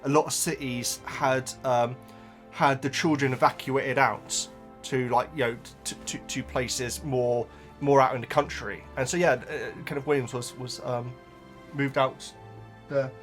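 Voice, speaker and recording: A man's voice: mid-range voice, fairly even intonation, unhurried, a bit bright, soft background music. A man chatting casually on his own channel, rambling with many restarts between topics. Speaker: book reaction host. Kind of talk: casual chat while reading.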